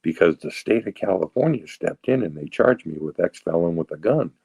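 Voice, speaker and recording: A man in his sixties with a very low, gravelly voice tells his recovery story, halting and restarting, with a wry, self-mocking humor. His tone is dark and husky, recorded close and dry. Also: animated, dry recording, poor audio. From New England. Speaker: recovery speaker.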